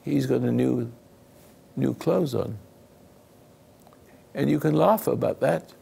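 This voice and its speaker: A man hosting a spiritual call-in radio show, talking slowly and asking rhetorical questions as he preaches. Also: medium pitch, creaky, warm tone, slightly rough.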